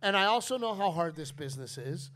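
A middle-aged man hosting a live podcast, telling stories in an animated, profane way. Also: on the high side, brisk. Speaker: comedian podcast host. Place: live audience at a distillery.

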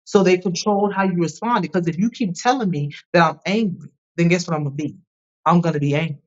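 A woman guest on a podcast, telling personal stories in an emphatic, animated way and often asking "right?" as she goes. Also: lowish voice, fast talker. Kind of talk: candid personal storytelling. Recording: dull lo-fi sound.

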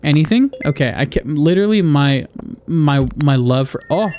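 A man's voice: a little high, expressive, moderate pace, darkish tone, soft background music. A young man giving casual let's-play commentary, rambling, sarcastic and swearing, often cutting himself off mid-sentence. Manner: rambling, self-interrupting, swears a lot, sarcastic. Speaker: gaming video creator.

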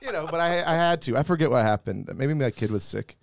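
A man guesting on a podcast, chatting casually, sheepish and quick to laugh. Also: a little high, animated, gravelly, slight background noise. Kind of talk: casual chat.

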